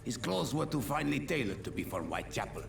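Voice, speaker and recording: A man's voice: mid-range voice, big pitch swings, fast talker, creaky. An actor playing a suspicious, surly male doorkeeper who talks curtly and dismissively, in a video game. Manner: curt and dismissive. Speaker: doorkeeper of a medical facility. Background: game music.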